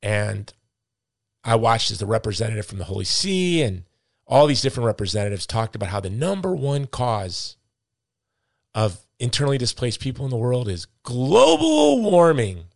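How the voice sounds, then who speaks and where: A middle-aged man in mid-range pitch, talking with fiery conviction on his podcast. He repeats words for emphasis and lets his rants run on. The sound is close and dry, with no room echo. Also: sing-song, moderate pace, gravelly. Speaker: podcast host. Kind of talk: impassioned podcast commentary.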